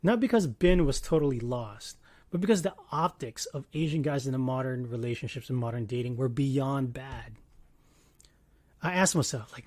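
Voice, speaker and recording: A man in his thirties giving a casual commentary monologue, animated, swinging between loud bursts and quiet asides and swearing freely. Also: medium pitch, moderate pace, dry recording. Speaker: commentary vlogger.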